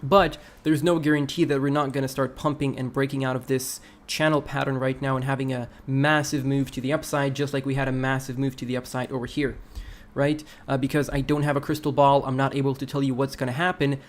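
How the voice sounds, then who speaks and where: A man of ordinary middle pitch hosts a live crypto stream. He talks through charts in a relaxed, conversational way and stops now and then to read viewer messages aloud. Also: a little fast, few pauses. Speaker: crypto livestream host. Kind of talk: casual livestream chart analysis.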